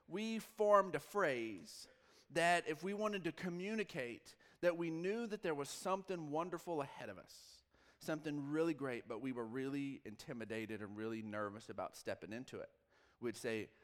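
A man preaching a sermon, voice pitched a touch high and carried by the long reverb of a large church hall. He tells his story with animated quoted dialogue and sudden drops to a near whisper. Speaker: pastor. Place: church sanctuary.

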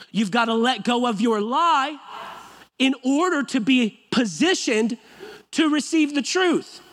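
Man, pastor, high voice, emphatic sermon, conversational and humorous. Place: church sanctuary.

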